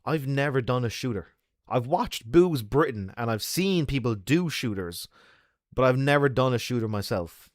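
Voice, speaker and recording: A man's voice: mid-range voice, lively intonation, normal speed, dry recording, studio quality. A man streaming games, chatting casually with viewers and telling stories full of sound effects and swearing. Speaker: game streamer.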